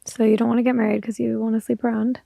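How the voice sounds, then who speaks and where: A woman hosting an interview podcast, talking in a deadpan, teasing way with vocal fry. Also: on the high side, racing, dry recording. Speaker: podcast host.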